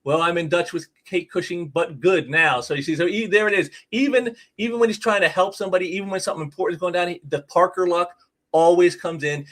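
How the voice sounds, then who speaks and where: A man's voice: a little high, a bit bright. A man casually talking through a comic book issue, rambling with lots of fillers and restarts. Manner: rambling, many "you know" fillers and restarts. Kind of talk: casual spoken review.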